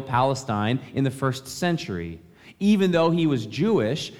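A man pastor giving a conversational, friendly sermon in a church sanctuary. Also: mid-range voice. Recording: reverberant church hall.

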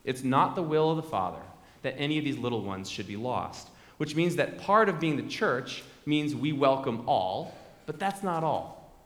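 A man's voice: medium pitch, animated, moderate pace. A man preaching a sermon as pastor, conversational and fond of repeated refrains, in a large church sanctuary. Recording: echoey hall with long reverb.

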